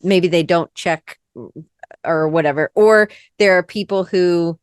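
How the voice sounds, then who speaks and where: Woman, Southern American accent, podcast host, rambling chat, a bit low, crisp and clear. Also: unhurried, no room sound, clean studio sound. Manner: rambling, lively, self-interrupting. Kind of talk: casual conversation.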